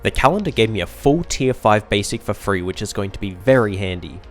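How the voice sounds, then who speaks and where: A man giving calm, matter-of-fact commentary as he plays a mobile game and opens rewards. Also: fairly low pitch. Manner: measured, matter-of-fact narration of crystal openings. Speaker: gaming YouTuber. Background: background music.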